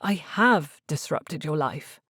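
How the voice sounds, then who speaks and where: A woman voicing a guilt-ridden young gentleman in a tense, self-reproaching manner. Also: sits low, lively intonation, slow, husky, dry recording, clean studio sound, full character voice. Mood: anguished.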